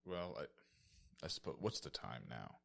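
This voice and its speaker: A man with an extremely deep, gravelly voice plays his character in a tabletop game. His delivery is dry and deadpan, yet his pitch rises and falls widely. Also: normal speed. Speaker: player. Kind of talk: in-character tabletop role-play.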